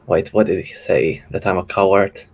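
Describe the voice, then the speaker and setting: A man's voice: low-pitched, fairly even intonation, moderate pace, vocal fry, darkish tone, breathy edge. A man playing a tabletop game, hesitant and unsure, thinking aloud. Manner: hesitant, unsure, laughs nervously. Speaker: player. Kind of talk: casual tabletop game play.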